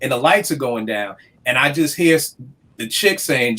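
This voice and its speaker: A man talking casually on a podcast, an animated storyteller who slips into the voices of the people in his stories. His voice sits at an ordinary middle pitch. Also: moderate pace. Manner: animated storyteller, acts out quotes.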